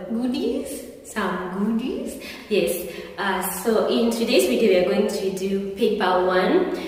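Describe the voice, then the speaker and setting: Woman English teacher, slow and playful, recorded from far off in a roomy space. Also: medium pitch. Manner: playful, asks the viewer questions. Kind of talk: exam revision lesson to camera. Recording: echoey room, voice from far off.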